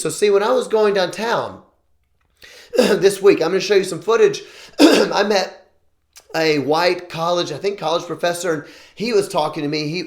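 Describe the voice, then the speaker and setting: Male show host, earnest and opinionated, voice on the higher side. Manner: earnest, opinionated, often restarting sentences. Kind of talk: opinion vlog monologue. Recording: roomy echo.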